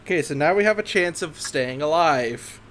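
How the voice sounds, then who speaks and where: Young male player, a touch high, dry and practical, faint hiss. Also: lively intonation, normal speed, fairly bright tone. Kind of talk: casual chat.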